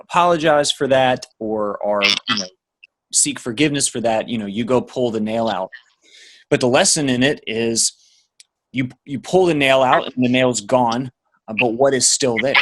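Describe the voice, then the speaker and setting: A man's voice: mid-range voice, fairly bright tone. A man and father talking thoughtfully on a podcast, hesitant and reflective. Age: adult parent. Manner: thoughtful, halting, many fillers and restarts. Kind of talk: casual podcast chat.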